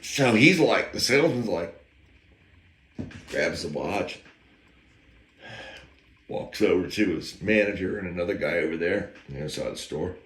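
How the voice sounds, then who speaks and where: A man's voice: deep voice, animated, normal speed, long pauses, a bit bright. A man casually telling an anecdote, rambling with wry, self-aware digressions. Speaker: storyteller. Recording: echoey room.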